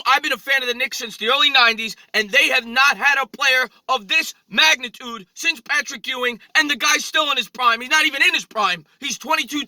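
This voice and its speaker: A man's voice: very high-pitched, bright, forceful tone, dry recording, rough recording. A man in his thirties ranting off the cuff into his phone outdoors, agitated and indignant, repeating himself as a sports vlogger. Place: outdoors in a cold city street.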